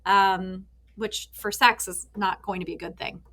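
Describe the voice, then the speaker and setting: A woman's voice: mid-range voice, a little slow. A woman in her thirties, a therapist being interviewed on a podcast, telling stories animatedly and acting out little voices. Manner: animated storyteller, acts out voices in anecdotes. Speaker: therapist and author, guest.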